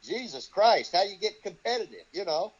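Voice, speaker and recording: A man's voice: high voice, big pitch swings, moderate pace. An older man who trains wrestlers, telling profane stories in an interview and acting out the voices of the people he quotes. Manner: swears constantly, acts out quoted voices. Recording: dull lo-fi audio.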